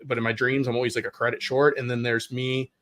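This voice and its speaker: A man co-hosting a casual livestream chat, talking in a rambling, excitable way and swearing casually. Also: medium pitch, fast. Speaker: co-host.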